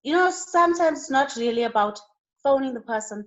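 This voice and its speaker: A woman's voice: high-pitched, lively intonation, brisk, dull audio. A woman guest giving an earnest faith testimony in an interview, preaching with rising bursts of emphasis.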